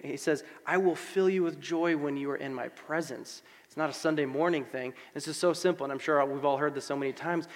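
A man preaching a sermon in a conversational, animated way, with casual asides and fillers. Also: a little high. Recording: long hall reverb.

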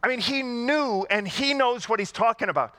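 A man's voice: very high voice, normal speed, bright, forceful tone, no echo. A man preaching a sermon to a congregation, in a conversational style with rhetorical questions and emphatic repetition. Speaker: pastor.

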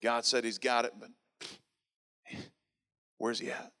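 A man's voice: medium pitch, little pitch movement, slow pace, bright, forceful tone. A man preaching, telling a personal testimony emphatically, with lots of repetition. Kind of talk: sermon testimony.

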